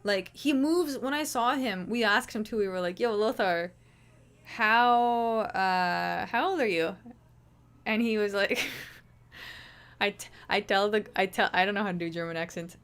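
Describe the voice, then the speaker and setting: A woman's voice: mid-range voice, moderate pace, a bit bright. Woman streamer rambling along, casual chat, swears a lot, keeps restarting sentences. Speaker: livestream host. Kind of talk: casual livestream commentary.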